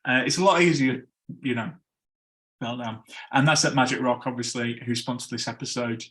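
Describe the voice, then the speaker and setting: A man's voice: mid-range voice, steady tone, fairly quick, fairly bright tone. A man hosting a casual podcast chat, chatty and laughing at his own slip-ups. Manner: chatty, stumbles over ad reads and laughs at himself. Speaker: podcast host.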